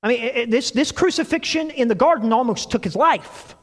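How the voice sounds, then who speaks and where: A man preaching a sermon, telling stories with animated delivery and acting out quoted lines. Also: very high-pitched, a little fast, long reverb tail. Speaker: pastor.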